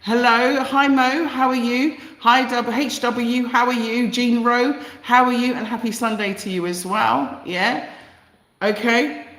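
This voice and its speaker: A woman's voice: fairly high pitch, steady tone, a little slow, fairly bright tone. Passionate London-accented woman, echoey room. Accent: London English. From East London, England. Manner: passionate, emphatic, repeats phrases for effect. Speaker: live stream host. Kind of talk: live stream monologue reading viewer comments.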